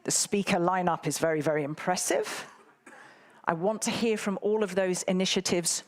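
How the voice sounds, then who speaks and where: A woman's voice: lowish voice, fairly even intonation, moderate pace. A woman moderating a live conference, bantering and teasing the audience in a playful way. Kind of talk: live event hosting.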